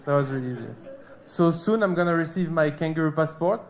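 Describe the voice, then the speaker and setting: A man's voice: a little high, fast talker. French man doing stand-up. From France. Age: 30s. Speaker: stand-up comedian. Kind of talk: stand-up comedy set. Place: comedy club stage.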